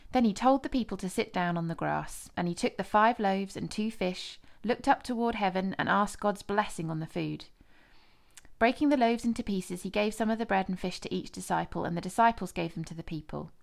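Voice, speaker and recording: A woman narrating a scripture passage in a measured, expressive reading. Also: mid-range voice, creaky. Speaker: scripture reader.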